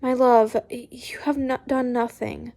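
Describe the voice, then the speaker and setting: A woman's voice: fairly high pitch, level tone, a little slow, gravelly, dark tone. Woman reading as a remorseful older wizard. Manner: hesitant, with restarts.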